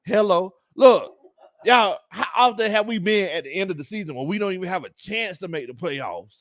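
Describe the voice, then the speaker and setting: A man's voice: high voice, animated, moderate pace, no echo, clean studio sound. A man hosting a casual live-stream sports chat, reading viewer comments aloud and laughing often. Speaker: sports talk show host.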